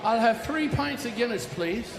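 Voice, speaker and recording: A man's voice: very high-pitched, lively intonation, moderate pace, vocal fry, big-room sound, crowd noise, exaggerated voice. A man voicing a sly Irishman in a pub joke, using a put-on Irish brogue with "aye" and "me father".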